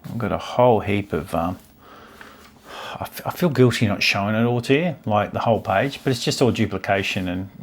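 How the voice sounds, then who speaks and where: A man's voice: fairly low pitch, vocal fry. A man hosting a stamp collecting channel, chatting casually and musing aloud as he pages through an old album, easily delighted by what he finds. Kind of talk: casual chat while browsing an album.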